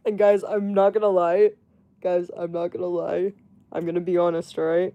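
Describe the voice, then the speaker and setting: A woman's voice: lowish voice, little pitch movement, moderate pace, warm tone. A woman livestreamer telling a gossipy story in casual chat, blunt and rambling, swearing freely and laughing often.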